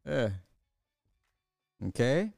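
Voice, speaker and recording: A man hosting a casual livestream, reading chat questions in an animated, slangy way with lots of repetition and swearing. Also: a little high, drawn-out words, gravelly, no echo, clean studio sound, soft background music.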